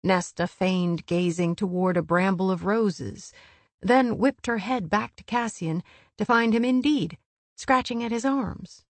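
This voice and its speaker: A woman narrating an audiobook in a calm, measured reading. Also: mid-range voice, dry recording. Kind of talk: scripted narration.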